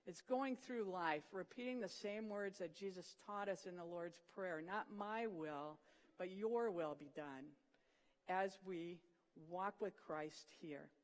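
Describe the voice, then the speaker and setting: A preacher giving an earnest sermon, retelling scripture vividly and dropping to a soft voice for emphasis. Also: medium pitch, slow pace. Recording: long reverb of a large hall.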